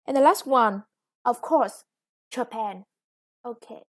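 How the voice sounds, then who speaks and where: A woman's voice: fairly high pitch, takes it slowly. A woman English teacher with a Vietnamese accent, explaining a lesson patiently. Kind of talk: recorded classroom lesson.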